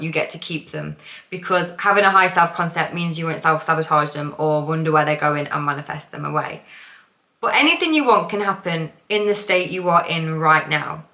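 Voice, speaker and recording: A chatty woman talks casually as a coach, swearing freely and laughing at herself. Her voice is bright and forceful, and it rings in a roomy, echoing space. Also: lowish voice. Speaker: manifestation coach. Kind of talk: casual vlog talk. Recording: roomy echo.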